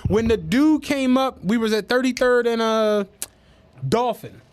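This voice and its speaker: A man's voice: extremely high pitch, unhurried, clean tone. Philly guy on a podcast, telling stories, keeps cracking up. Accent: Philadelphia. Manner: animated, laughing storyteller doing quoted voices. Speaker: podcast co-host. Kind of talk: casual chat, storytelling.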